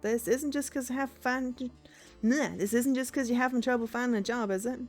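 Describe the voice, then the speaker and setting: A woman voicing a calm, caring angel guide in a put-on American accent, gentle and earnest, over faint game music. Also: a little high, a little fast, lightly acted. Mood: wry.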